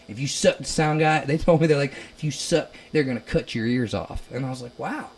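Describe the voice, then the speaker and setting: A young man from Ohio, a musician guest, telling stories in a casual chat, animated and laughing, loudly acting out quotes. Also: medium pitch, fairly quick, breathy edge. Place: basement.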